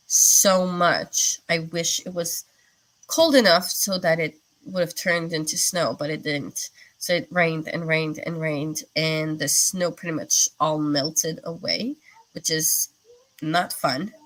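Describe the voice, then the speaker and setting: Slow, rambling low-voiced woman streamer. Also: a bit bright, low-quality recording. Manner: rambling and chatty, with many fillers; replies to viewer comments as she goes. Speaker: livestream host chatting with viewers. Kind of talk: casual live-stream chat.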